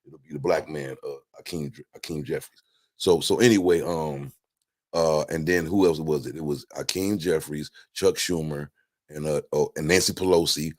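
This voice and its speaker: A man's voice: a bass voice, normal speed. A man chatting casually about politics on a talk show, rambling with many restarts and fillers. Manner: animated storytelling. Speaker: guest.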